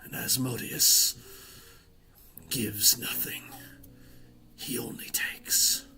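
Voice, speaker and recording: A man's voice: mid-range voice, fairly even intonation, very slow, sharp tone, faint music behind, exaggerated voice. A man voicing a sorrowful undead male guardian spirit in a scratchy whisper, in whispered role-play. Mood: mournful.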